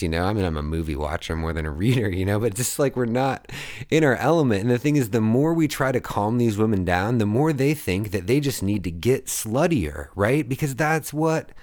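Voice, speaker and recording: A man's voice: mid-range voice, a little mellow. A man in his thirties telling a long story in a casual monologue. He rambles, swears freely and laughs at his own jokes. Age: 30s. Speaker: podcast host.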